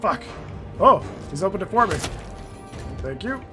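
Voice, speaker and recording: A man giving casual let's-play commentary, excitable and jokey, swearing and laughing often. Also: high-pitched, unhurried. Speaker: gameplay streamer. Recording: faint game music behind.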